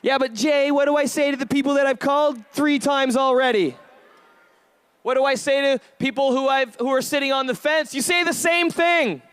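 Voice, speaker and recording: A man giving a high-energy stage pep talk, rallying the crowd with call-and-response questions and shouted bursts of hype. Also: steady tone, normal speed, no room sound. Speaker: motivational event speaker.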